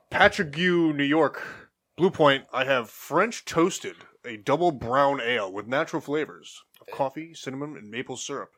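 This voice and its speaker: A man with a mid-pitched voice chatting easily on a sports podcast over beers. He keeps his remarks short and relaxed. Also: a little slow. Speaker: podcast co-host.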